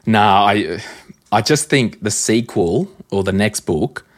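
Aussie bloke with a low voice, hosting a casual money podcast, lively storyteller. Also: male voice, slow. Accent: Australian. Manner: animated storyteller, acts out quoted exchanges. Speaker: podcast host. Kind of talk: casual chat.

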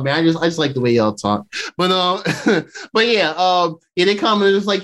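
A man's voice: fairly high pitch, quick pace, fairly bright tone. A man hosting a podcast, recapping an episode in a rambling, casual way and acting out the characters' lines. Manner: rambling, many fillers, acts out character quotes, laughs often.

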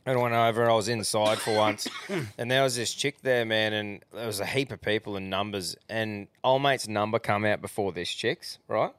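Australian male host, mid-pitched, crude laddish yarns, dry close sound. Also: moderate pace, a bit bright, clean tone, no room sound. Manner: laddish, crude, laughing storyteller. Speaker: podcast host. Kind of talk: casual chat.

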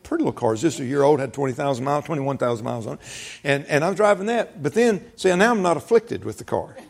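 A man's voice: fairly high pitch, lively intonation, fast talker, gravelly. A middle-aged man, a pastor, preaching a sermon in a folksy storytelling way, laughing and quoting conversations as he goes.

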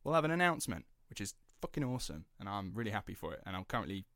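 A man co-hosting a podcast, chatting casually and excitably, with rambling restarts. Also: lowish voice, rapid-fire, no echo, studio quality. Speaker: podcast co-host. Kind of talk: casual chat.

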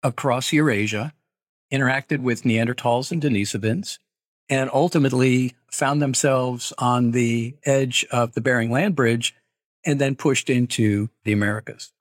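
A middle-aged man, an archaeologist, answering interview questions in a measured, explanatory way with hedging asides. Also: medium pitch, dry recording, studio quality. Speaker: archaeologist guest.

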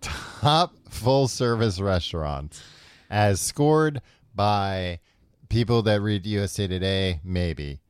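A man's voice: on the low side, animated, takes it slowly, clear, resonant tone, dry recording, clean studio sound. A man co-hosting a comedy podcast, casually reading out a list with sarcastic teasing. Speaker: podcast co-host.

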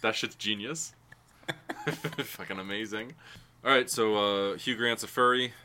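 A man's voice: on the low side, unhurried, pushed and bright. A man co-hosting a casual podcast, teasing his friend and laughing often. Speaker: podcast co-host.

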